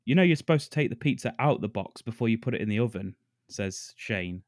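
A man co-hosting a podcast, recapping a film plot in a relaxed, laughing, sweary way. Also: fairly low pitch, fairly quick, dry recording, clean studio sound. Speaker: podcast co-host. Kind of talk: casual chat, recapping a film.

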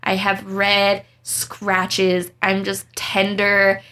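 A young woman telling a story in casual chat, animated and dramatic, laughing as she goes. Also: mid-range voice, drawn-out words. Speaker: storyteller guest.

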